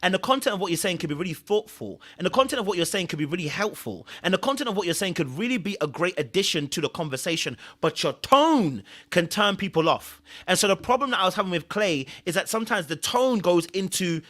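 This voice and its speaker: Man, live-stream recap host, chatty and repetitive, higher pitch, bright forceful tone. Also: animated, fast talker, few pauses. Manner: chatty, repeats himself, thanks viewers often; earnest advice-giving. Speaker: show host reviewing a reality series.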